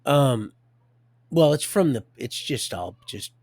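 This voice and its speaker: A man's voice: medium pitch, expressive, takes it slowly, a little mellow, dry recording, clean studio sound. A man in his fifties telling his life story on a live stream, rambling, stopping and restarting, and chuckling often.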